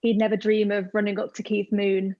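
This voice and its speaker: A woman's voice: mid-range voice, completely flat delivery, brisk, no echo, lo-fi sound. A young woman from England, a podcast guest telling fan stories in casual chat with enthusiasm. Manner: enthusiastic storytelling.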